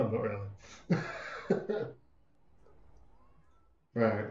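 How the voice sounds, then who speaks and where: Let's-player, mellow, joking and profane, dull-sounding mic. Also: male voice, medium pitch, unhurried, reverberant. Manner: swearing, joking banter at the game. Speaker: gamer. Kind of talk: let's play commentary. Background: game music.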